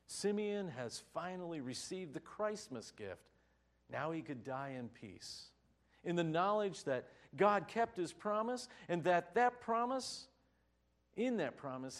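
Male preacher, sermon delivery, animated, slightly high, rhetorical questions. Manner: expressive storytelling, rising rhetorical questions.

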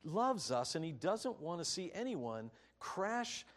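A man preaching a sermon, telling a story with animated, emphatic delivery. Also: on the high side, takes it slowly. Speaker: pastor.

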